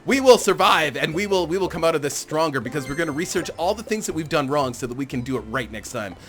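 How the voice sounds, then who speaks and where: A man talks through his game in a loose, rambling way, often amused at his own remarks. His voice sits a little high and swings widely in pitch. Faint music plays under his commentary. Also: expressive, fast, a bit bright. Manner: chatty, rambling, self-amused, laughs often. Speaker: gaming channel host. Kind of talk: casual gameplay commentary.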